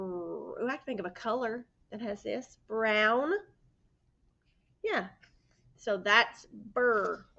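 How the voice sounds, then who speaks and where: Woman, first grade teacher; slow, patient phonics delivery, slightly higher voice, dull lo-fi recording. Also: fairly bright tone. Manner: slow, patient, sounds out letters and prompts the children. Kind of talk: phonics lesson for young children. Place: indoors by a sunny window.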